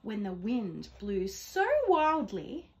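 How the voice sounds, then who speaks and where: A woman, a teacher, reading a rhyming picture book aloud to children at home in a gentle, expressive way. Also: mid-range voice, takes it slowly. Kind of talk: read-aloud storytelling for children.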